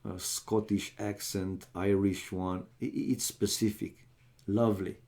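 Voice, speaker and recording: Unhurried and easygoing, a young man from Romania streams a strategy game match with a fairly low, dark, mellow voice and a level tone. He chats straight to his viewers, calls them "man", and mixes small talk with match commentary.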